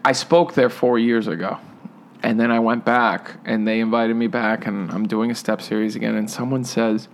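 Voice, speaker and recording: A man co-hosting a casual podcast, telling stories with halting restarts. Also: on the low side, fairly even intonation, slight background noise. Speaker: podcast co-host. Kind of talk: casual chat.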